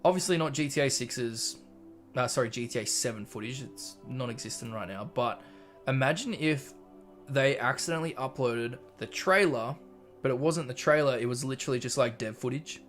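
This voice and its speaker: A man's voice: mid-range voice, normal speed, fairly bright tone, faint music behind. Chatty Australian man streaming live. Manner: chatty, reads chat messages aloud and rambles through anecdotes. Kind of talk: casual live stream chat.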